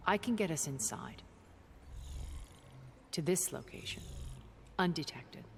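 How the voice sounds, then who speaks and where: An actress playing a composed, aristocratic woman defector in a video game, speaking in measured, clipped, formal phrases. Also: low voice, expressive, gravelly, in a large hall, a little hiss or hum, exaggerated voice. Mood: cool.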